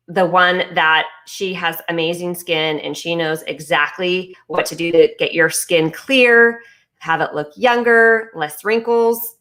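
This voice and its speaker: A woman acting as a business coach gives an emphatic motivational talk full of repeated phrases, restarts and fillers, briefly speaking with ice in her mouth. Her voice is fairly low in pitch with a fairly bright tone, and she speaks slowly.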